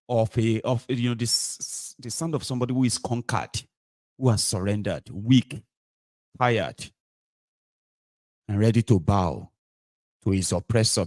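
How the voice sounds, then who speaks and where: A man with a Nigerian accent delivers scornful political commentary at a mid pitch, recorded dry and close with no room sound. He mocks as he goes and slides between English, Pidgin and Yoruba. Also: a little mellow, no echo. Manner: sarcastic, mocking, mixes English, Pidgin and Yoruba.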